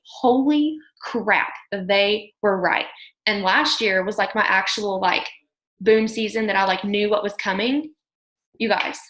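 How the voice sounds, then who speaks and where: A woman's voice: medium pitch, fairly bright tone, roomy sound, rough recording. A young woman coaching her business team on a video call, emphatic and gushing, full of "like" and "okay". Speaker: team leader coaching distributors. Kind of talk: motivational video call talk.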